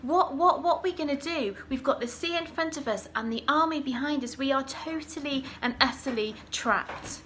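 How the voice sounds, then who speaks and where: A woman's voice: high voice, normal speed, few pauses, fairly bright tone, slight background noise. A woman voicing a panicked crowd of trapped people who plead frantically with their leader.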